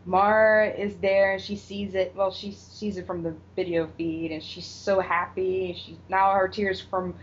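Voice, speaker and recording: A woman's voice: medium pitch, unhurried, hardly any pauses. A woman co-hosting a podcast, animatedly retelling a TV episode in casual chat and acting out the characters' lines. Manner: animated retelling, acts out quotes, swears. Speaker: podcast co-host. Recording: dull lo-fi audio with faint noise.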